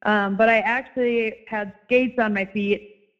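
A young woman with a Minnesota accent talks as an interview guest in a friendly, halting way, often pausing on ums. The audio is a bit dull and lo-fi. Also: on the high side, steady tone, fairly bright tone. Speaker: guest, former college hockey player and coach. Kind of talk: casual interview chat.

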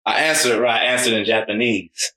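Man, playful joker, bright tone, roomy echo. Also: medium pitch, flat delivery, fast. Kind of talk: casual podcast chat.

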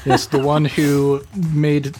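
A man's voice: a little high, completely flat delivery, slow, noisy background. A man playing a tabletop game, chatting in a playful, exclaiming way. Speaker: player. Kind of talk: casual chat.

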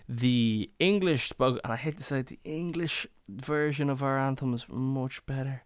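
A man's voice: mid-range voice, moderate pace, few pauses, clear, resonant tone, dry recording, studio quality. A young Irish man hosting a podcast, rambling and swearing through a tipsy, chatty monologue. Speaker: podcast host.

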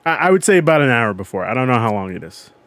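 Male podcast co-host, mid-pitched, casual and rambling, corrects himself often. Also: very animated, quick pace, fairly bright tone, no echo. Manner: rambling, self-correcting storyteller. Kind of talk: casual chat. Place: podcast recording.

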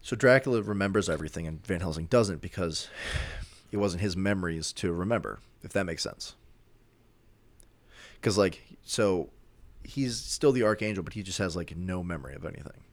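A man's voice: low-pitched, normal speed. A man casually retelling a movie plot to a friend, rambling along with lots of fillers and restarts. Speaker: storyteller recapping a movie. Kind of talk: casual chat.

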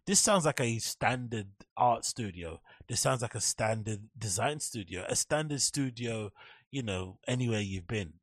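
Young man, solo podcast host, husky voice, dry close mic, sardonic and sweary, reads then riffs. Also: on the low side, no echo. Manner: sardonic, swears freely, breaks off reading to riff. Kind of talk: casual solo podcast, reading an article aloud with commentary.

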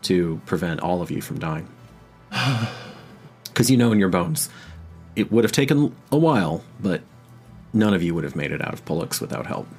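A man narrating a tabletop game as game master in a dramatic, unhurried way, with frequent restarts. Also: low-pitched, expressive, a little mellow, soft background music.

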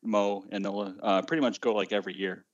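Low-voiced man, hesitant storyteller, lots of fillers, dull lo-fi sound. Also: fairly even intonation, fast. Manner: hesitant, many fillers, laughs easily. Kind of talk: casual storytelling.

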